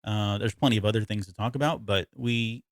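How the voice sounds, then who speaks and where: A man's voice: on the low side, steady tone, brisk, dry recording, studio quality. A man co-hosting a podcast in casual chat, rambling and self-interrupting, often laughing. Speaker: podcast co-host.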